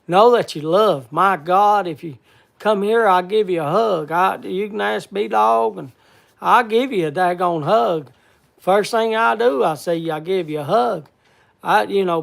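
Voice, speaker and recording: A man hosting a casual live stream, thanking viewers in a halting, repetitive, heartfelt way. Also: sits high, vocal fry. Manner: halting and repetitive, stumbling over words. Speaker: livestream host.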